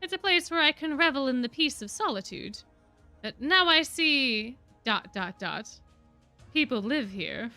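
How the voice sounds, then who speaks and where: A woman voicing a mysterious, aloof young man with horns, speaking slowly, calmly and a little sadly. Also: high-pitched, smooth, faint music behind, full character voice. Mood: wistful. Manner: slow, calm and faintly melancholy.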